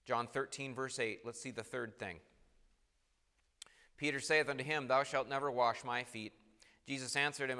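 Bright-voiced preacher in a reverberant hall. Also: male voice, mid-range voice, fairly even intonation, moderate pace, clear, resonant tone. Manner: acts out quoted voices, swings between soft and emphatic. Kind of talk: sermon.

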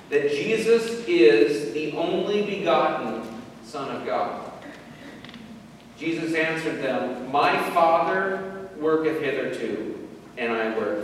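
A man preaching from a pulpit, earnest and emphatic, his fairly high voice carrying through a large reverberant sanctuary. He sounds a little distant from the microphone, with a long echo trailing each phrase and a faint room hum underneath. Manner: earnest, emphatic, with rhetorical questions. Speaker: pastor. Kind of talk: sermon with scripture reading. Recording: echoey hall, distant mic, faint ambience.

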